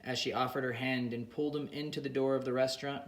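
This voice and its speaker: A man's voice: medium pitch, flat delivery, fast. Man reading an audiobook in an echoey room. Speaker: audiobook narrator. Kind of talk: audiobook narration.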